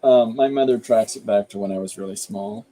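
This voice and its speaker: Very animated and talking a little fast, this fifties-aged artist hosts his show and rambles easily about his work as he draws live, explaining along the way. His medium-pitched voice is warm and creaky, and the recording quality is low.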